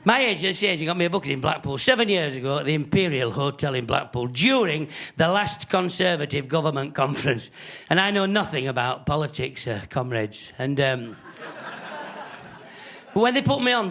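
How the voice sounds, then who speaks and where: A man's voice: on the high side, animated, brisk, vocal fry, fairly bright tone. A man with a northern English accent telling cheeky, rambling jokes in a stand-up comedy act. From Northern England. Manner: cheeky, rambling joke-teller.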